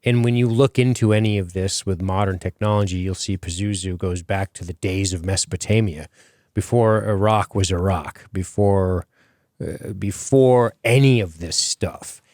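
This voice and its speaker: A man with a low, slightly mellow voice hosts a podcast at a moderate pace, rambling through casual chat with lots of fillers and offhand swearing. The sound is clean and studio-like, with no room sound.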